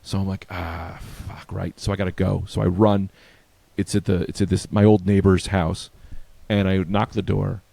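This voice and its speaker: Male comedian with a New York accent; animated anecdote delivery, gravelly, very dry close mic. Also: moderate pace, no echo. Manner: acts out both sides of a story, rising loud and high. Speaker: comedian guest. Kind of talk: animated comic storytelling.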